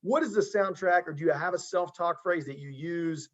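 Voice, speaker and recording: A man's voice: fairly high pitch, normal speed, fairly bright tone, lo-fi sound. A man hosting a casual podcast interview as a football coach, earnest and encouraging, often restarting his sentences.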